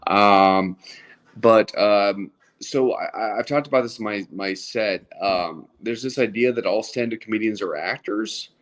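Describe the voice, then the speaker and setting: A man in his thirties, a stand-up comedian, chatting casually as a guest with lots of fillers and restarts and a dry, self-deprecating humor. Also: on the low side. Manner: halting, many fillers and restarts. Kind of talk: casual podcast chat.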